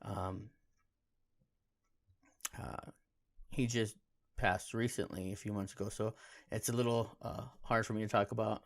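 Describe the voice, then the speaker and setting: A man's voice: fairly low pitch, little pitch movement, a little slow, gravelly, long pauses. A man hosting a podcast on his own, telling personal stories in a laid-back, heartfelt way, peppered with casual slang. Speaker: podcast host. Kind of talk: casual solo podcast storytelling.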